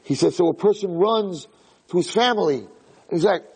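A man's voice: high voice, animated, moderate pace, darkish tone, husky. A man giving a casual, storytelling Torah lecture who often repeats words and acts out the voices in his parable. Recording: long reverberant hall.

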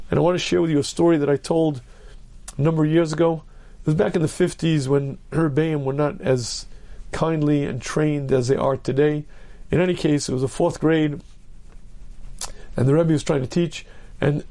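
Brief: rabbi, lecture voice, gravelly and dark, emphatic. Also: male voice, fairly high pitch, fairly even intonation, normal speed. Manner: earnest, emphatic, repeats key phrases; clears throat often. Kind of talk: Torah lecture.

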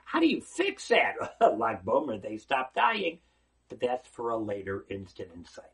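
Animated rabbi a husky voice. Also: male voice, medium pitch, a little slow. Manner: animated, acting out quoted voices, rhetorical questions. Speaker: rabbi giving a short Torah talk. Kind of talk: animated sermon-style lesson.

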